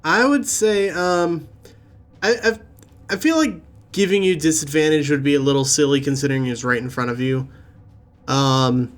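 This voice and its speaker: A man's voice: fairly high pitch, moderate pace. A man working as dungeon master, narrating with hesitant fillers. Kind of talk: running a tabletop game.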